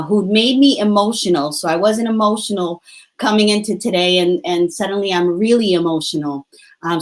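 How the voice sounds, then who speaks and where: A woman hosting a live-streamed talk show, upbeat and openly emotional, with many fillers. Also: fairly low pitch. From United States. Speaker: host.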